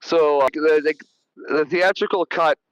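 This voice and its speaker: A man's voice: fairly high pitch, measured pace, smooth, no room sound, dull audio. A man hosting a podcast, retelling film scenes in a rambling, profane, casual way over a remote call. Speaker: podcast host. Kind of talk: casual movie review chat.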